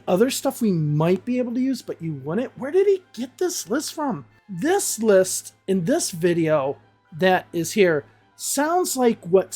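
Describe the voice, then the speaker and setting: A woman's voice: medium pitch, dark tone. Blunt, exasperated woman teacher. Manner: blunt, exasperated, swears freely. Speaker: English teacher. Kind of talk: casual reaction commentary.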